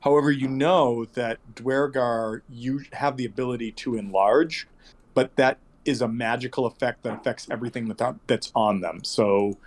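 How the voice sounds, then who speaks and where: A man runs a tabletop game in a casual, meandering way. His mid-pitched voice keeps stopping and restarting, full of ums and likes. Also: steady tone, moderate pace. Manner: rambling, self-correcting narration with many fillers. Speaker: game master.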